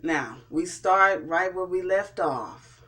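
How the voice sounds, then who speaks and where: A man's voice: sits high, lively intonation, takes it slowly, bright, forceful tone. A man giving a casual spoken recap and review of a TV episode, often repeating and restarting his words. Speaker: TV show reviewer.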